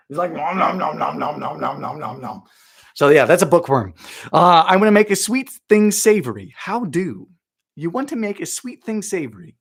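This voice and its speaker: A man's voice: fairly high pitch, breathy edge. A playful young man hosting a live baking stream, chatting and joking as he reads viewer comments aloud. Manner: playful, jokey, animated. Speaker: baking livestream host.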